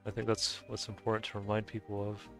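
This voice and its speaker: Over faint music, a man with a lowish voice speaks fast in a completely flat delivery with vocal fry. He's streaming a game and chatting casually with viewers, rambling and hesitant, full of fillers and restarts, and he chuckles often.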